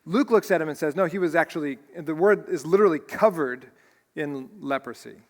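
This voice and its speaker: An earnest pastor delivering a heartfelt sermon, his fairly high voice carrying through a church hall with a long reverb trail. He stumbles and restarts as feeling takes over. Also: brisk. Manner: earnest, emotional preaching with repeated restarts. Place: church sanctuary.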